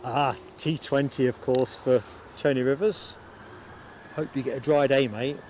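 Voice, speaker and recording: A man's voice: medium pitch, steady tone, unhurried, a little mellow, a little hiss or hum. A man from the United Kingdom hosting a live stream outdoors at an airport, chatting casually, laughing easily and greeting viewers by name.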